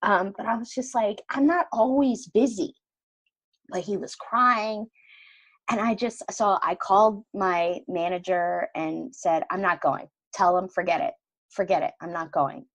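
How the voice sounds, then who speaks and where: On a rough recording without room sound, a middle-aged woman guesting on a podcast recounts a personal story at a measured pace in a mid-range voice. She tells it casually and animatedly, acting out the quoted dialogue.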